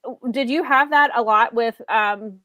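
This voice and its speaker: A woman's voice: fairly high pitch, unhurried, sharp tone, no room sound. A woman co-hosting a podcast, mostly giving short acknowledgements and asking sympathetic follow-up questions. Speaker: podcast co-host. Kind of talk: interview chat.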